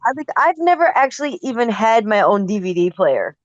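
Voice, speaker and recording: A man's voice: high-pitched, very animated, no room sound. A man chatting loosely, with constant swearing, rambling and restarting his sentences. The sound is dry and close. The stream audio is muffled. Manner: profane, rambling, halting. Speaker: live stream participant. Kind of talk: casual chat.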